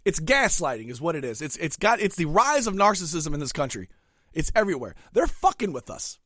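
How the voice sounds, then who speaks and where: A middle-aged man rants crudely through a solo podcast, his fairly high voice swinging wildly between low grumbles and shrill outbursts. He chews and talks at once, and the sound is close and dry. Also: big pitch swings, brisk, no echo. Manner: crude, profane ranting with sudden loud outbursts; eating while talking. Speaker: podcast host. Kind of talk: solo comedic rant.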